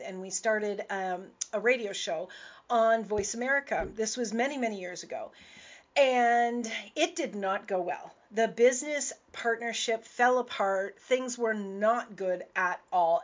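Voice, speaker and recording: Emphatic woman hosting a talk show. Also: fairly high pitch. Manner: emphatic, repeats words for stress. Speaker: show host and business coach. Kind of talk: casual radio show monologue. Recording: dull lo-fi audio.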